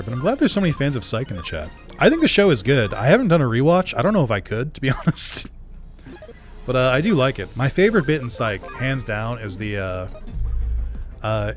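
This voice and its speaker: A man's voice: medium pitch, very animated, quick pace, soft background music. A man giving casual, rambling gameplay stream commentary, laughing often and swearing casually. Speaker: game streamer.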